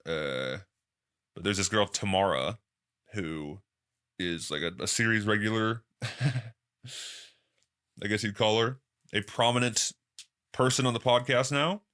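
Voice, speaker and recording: Man, podcast host, bright tone, rambling, casual, slips into high mock voices. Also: a little slow, pauses often. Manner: loose, rambling, quotes people in exaggerated high voices. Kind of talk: casual solo commentary.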